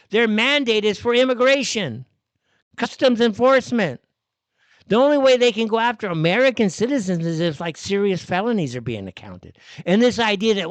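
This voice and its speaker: A man's voice: very high voice, expressive, normal speed, dry recording. A man hosting a live commentary show, ranting in a heated, exasperated way and swearing often. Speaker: show host.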